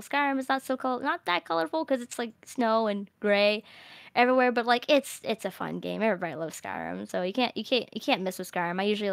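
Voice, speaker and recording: A young woman streamer chatting casually in a rambling, animated way, laughing often. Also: mid-range voice, clear, resonant tone, dry recording. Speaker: streamer host. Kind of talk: casual chat.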